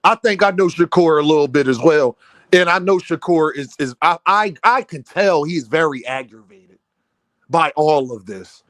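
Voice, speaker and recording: A man hosting a casual boxing commentary stream, heated and animated, often repeating himself and breaking into near-shouts. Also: a little high, moderate pace, dry recording. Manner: many restarts and repeated fillers.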